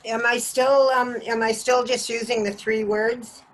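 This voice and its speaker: A woman's voice: fairly high pitch, level tone, a little slow, rough recording. A woman taking part in an online acting class over a video call. She asks tentative questions about the exercise. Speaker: acting student.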